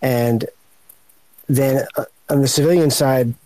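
Slow, searching man in a dry room. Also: medium pitch, fairly even intonation, warm tone, dry recording, rough recording. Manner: slow, searching for words, many pauses. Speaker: panel guest. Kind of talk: unscripted panel talk.

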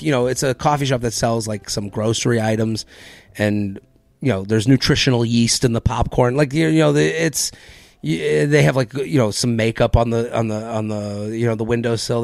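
A man hosting a solo comedy podcast, telling a story in an animated way and acting out both sides of each exchange. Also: medium pitch, gravelly, dry recording. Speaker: podcast host.

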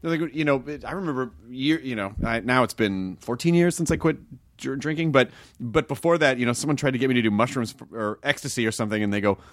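A man's voice: mid-range voice, quick pace, dry recording. A man hosting a podcast, talking candidly and self-deprecatingly about his own anxieties in a loose, rambling way. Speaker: podcast host. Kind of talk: casual chat.

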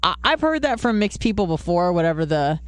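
Woman rambling thru stories, curses a lot, squeaks up into silly quote voices, smooth voice. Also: a little fast, dry recording, soft background music. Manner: lively storyteller, swears freely, jumps into high-pitched quoted voices. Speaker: podcast co-host. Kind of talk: casual chat.

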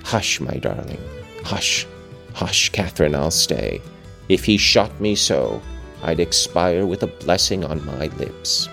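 A brooding young man from a storybook reading, put on by a man, dropped very low and hushed. He speaks urgently and ardently, with his voice held down. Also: lively intonation, a little slow, soft background music, full character voice.

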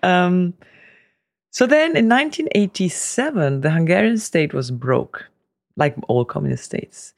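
A man's voice: high voice, animated, a little slow, vocal fry, no room sound, clean studio sound. A middle-aged man telling long family anecdotes with fillers and easy laughs in a casual interview. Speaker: guest, family business heir.

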